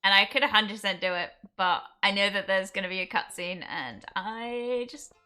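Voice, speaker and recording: A young woman chatting casually on a game stream; excitable, she laughs often and swears freely. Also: medium pitch, moderate pace, clear, resonant tone. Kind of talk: casual live-stream chat.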